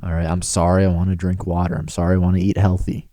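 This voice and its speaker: A man's voice: low-pitched, monotone, quick pace, dark tone, dry recording, studio quality. A man hosting a podcast, telling a childhood story in casual chat, laughing often and acting out voices. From Mexican heritage. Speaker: podcast host.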